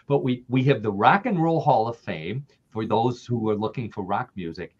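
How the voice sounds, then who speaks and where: A man telling a story as a podcast guest in a relaxed, jokey way, chuckling along. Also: medium pitch. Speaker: podcast guest, paranormal news writer. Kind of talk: casual interview storytelling. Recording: dull lo-fi sound.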